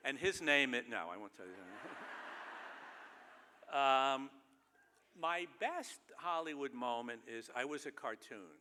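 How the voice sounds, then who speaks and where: Male keynote speaker, bright tone, dry humorous storyteller, recorded in a reverberant theater. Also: mid-range voice, expressive, takes it slowly, pauses often, a little hiss or hum. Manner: wry, self-deprecating storytelling with chuckles. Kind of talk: humorous anecdotal speech. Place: large theater stage. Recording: long reverb of a large theater.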